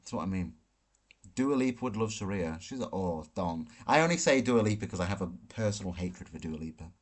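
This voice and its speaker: A brash British livestream host rants through a live Q&A from a hotel room, swearing freely as he fires back at questions from chat. His voice sits a little low for a man, and he speaks in an expressive, brisk way.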